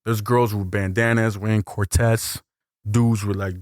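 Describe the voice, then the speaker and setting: A man's voice: on the low side, measured pace, dry recording, clean studio sound. A man who is a tattoo artist, talking casually and animatedly in slang as he tells a story in an interview. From El Salvador. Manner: slangy, animated, acts out voices in quotes.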